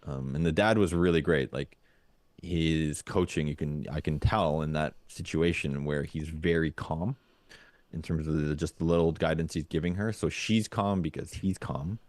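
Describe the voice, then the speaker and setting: A man's voice: rumbling low, moderate pace, a little mellow, dry recording. A man co-hosting a parenting podcast, thinking aloud in casual chat with lots of fillers and restarts. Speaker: podcast co-host.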